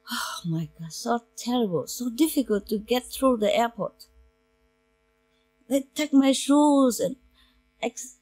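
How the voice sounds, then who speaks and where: A woman's voice: fairly high pitch, a little mellow, dry recording. A woman speaking as a spiritual teacher to her disciples in an informal lecture, chatty and humorous, in non-native English with simple grammar. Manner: chatty and humorous, laughing between asides. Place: meditation centre lecture.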